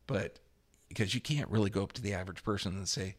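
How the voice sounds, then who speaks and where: A man giving a motivational health talk, emphatic and energetic, swinging his voice up for affirmations. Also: sits low, quick pace. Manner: energetic, emphatic, repeats affirmations with rising volume. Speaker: health speaker.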